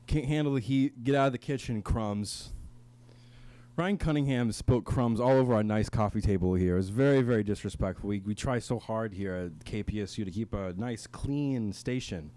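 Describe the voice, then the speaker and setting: A man's voice: lowish voice, normal speed, warm tone. Boastful young man hosting student radio. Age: young adult. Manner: mock-boastful, playful, slips into silly voices. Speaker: host of a student radio talk show. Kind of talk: comedic radio talk show hosting. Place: student radio station studio.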